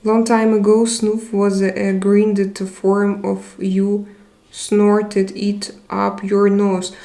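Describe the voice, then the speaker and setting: A woman's voice: medium pitch, completely flat delivery, slow pace, mellow. A young woman hosting a casual live chat, reading viewer comments aloud and answering them. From Russia. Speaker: live stream host.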